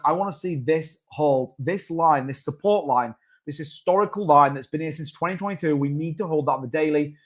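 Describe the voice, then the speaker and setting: A man hosting a crypto livestream, talking casually and rambling with restarts and asides. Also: a little high. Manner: rambling, chatty, with many restarts and asides to chat. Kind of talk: casual live-stream market commentary.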